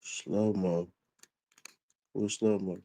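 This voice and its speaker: A man with a very low, deep voice hosts a casual livestream. He talks in a relaxed, slangy way, greeting viewers by name and reading their comments aloud. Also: very slow, vocal fry, low-quality recording. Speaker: livestream host.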